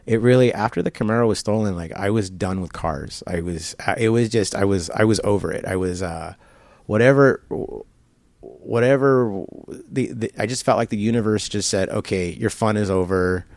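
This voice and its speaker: A middle-aged man telling a long personal story in an interview at a barbershop, halting and rambling, acting out the people he quotes. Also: lowish voice, darkish tone, no room sound. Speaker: guest.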